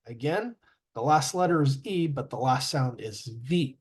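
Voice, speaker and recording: A man teaching a grammar lesson, halting with fillers and self-corrections and sounding out word endings. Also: on the high side, animated, a little mellow. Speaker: English teacher.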